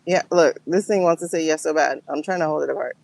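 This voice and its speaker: A woman's voice: low-pitched, fast talker, vocal fry, a little mellow, rough recording. A woman giving a livestream tarot and pendulum reading, talking to her viewers in an emotional, exclaiming way.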